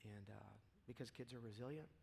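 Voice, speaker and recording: Guy preaching to a church crowd, medium voice, goes real quiet then gets loud and worked up. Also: medium pitch, a little fast, creaky, a little hiss or hum. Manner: casual preaching, swings from hushed to loud and fervent. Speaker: pastor. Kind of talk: sermon. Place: church hall with audience.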